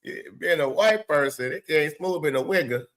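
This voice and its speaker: A man hosting a show, giving loose, excitable live reaction commentary with lots of swearing and laughing asides. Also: fairly high pitch, moderate pace. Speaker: show host.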